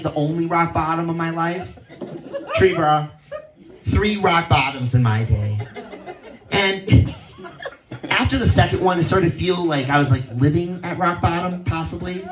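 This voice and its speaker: A man's voice: fairly high pitch, sing-song, unhurried, recorded from a distance, music in the background. A man from Hawaii doing a stand-up comedy set, telling stories in a laid-back way and acting out the people he quotes in raised voices. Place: outdoor venue with a live crowd. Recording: echoey, from off-mic, audible crowd.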